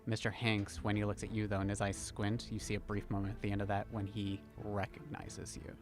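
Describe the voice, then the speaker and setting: Low-voiced man narrating as game master. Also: brisk, music in the background. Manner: calm, descriptive narration.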